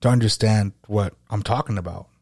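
A man with a slight lisp hosting a relaxed podcast chat, his voice sitting a little low. He talks in halting stretches, restarting and hunting for words. The sound is dry and close, with no room around it. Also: no echo. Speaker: podcast host. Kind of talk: casual podcast conversation.

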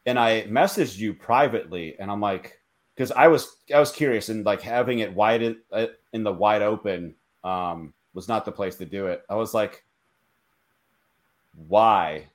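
Man, lowish voice, podcast host, talks haltingly, full of fillers. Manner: hesitant, thinking aloud, lots of 'like'. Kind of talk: casual chat.

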